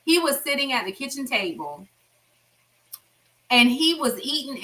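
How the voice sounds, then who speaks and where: Bright-voiced middle-aged woman vlogging. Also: high voice, lively intonation, moderate pace. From United States. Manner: chatty, gives blunt advice straight to viewers. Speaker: cooking vlogger. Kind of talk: casual cooking vlog. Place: home kitchen. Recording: voice a bit far from mic.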